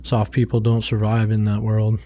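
Middle-aged man, low even voice, dark tone, earnest conversational testimony. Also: moderate pace, no room sound. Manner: frank, earnest, repeats himself when searching for words. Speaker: guest, former drug dealer turned ministry worker.

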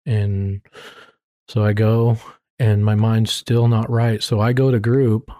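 Earnest man with a flat, dark voice. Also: lowish voice, takes it slowly. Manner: earnest, rambling with restarts and self-quotes; faith-filled, heartfelt. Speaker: interview guest sharing his testimony. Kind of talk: candid personal story.

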